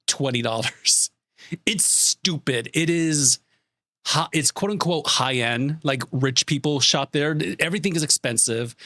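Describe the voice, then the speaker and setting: A man's voice: medium pitch, no room sound, clean studio sound. A male streamer telling an exasperated, swearing story to his chat in a casual way. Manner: exasperated, swearing, animated retelling.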